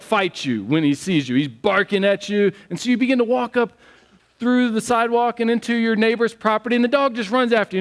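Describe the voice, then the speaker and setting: A man preaching a sermon as pastor, telling stories in an animated, conversational way. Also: sits high. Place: church sanctuary. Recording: long church hall reverb.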